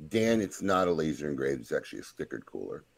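Male host, very deep gravelly husky voice, dry sound. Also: very animated, quick pace, no room sound. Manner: runs the show, addresses listeners. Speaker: podcast host. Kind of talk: casual chat.

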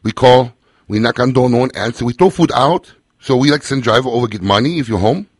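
A man's voice: medium pitch, lively intonation, fast talker, no room sound, natural voice. A man voicing a male Chinese takeout owner on a prank phone call, in broken English with a put-on Chinese accent. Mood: insistent. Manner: broken English, pushy about payment.

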